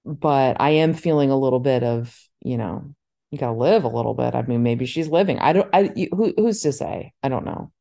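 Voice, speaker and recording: A woman co-hosting a casual book podcast, rambling and animated with lots of fillers. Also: extremely low pitch, a little fast, vocal fry. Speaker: podcast co-host. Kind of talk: casual book club chat.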